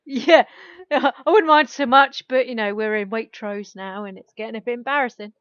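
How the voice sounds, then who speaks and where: A woman drops dry, joking asides into a friend's story during a game session. Her voice is slightly high, and the sound is dry and close. A somewhat muffled, lo-fi microphone dulls its edges. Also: moderate pace, a bit bright, no room sound. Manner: dry joking interjections, laughing along. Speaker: gaming channel co-host. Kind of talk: casual chat over gameplay.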